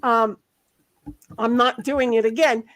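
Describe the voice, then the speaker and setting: High-voiced woman chatting on a livestream. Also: steady tone, takes it slowly, a bit bright. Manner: giggly, rambling storyteller with many restarts. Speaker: livestream co-host. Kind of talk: casual chat.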